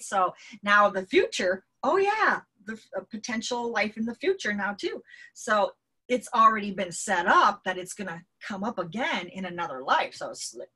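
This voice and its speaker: A woman's voice: mid-range voice, very animated, normal speed, sharp tone, breathy edge. A woman teaching a spiritual healing class in a casual, rambling way, with many fillers and restarts. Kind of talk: casual spoken lesson.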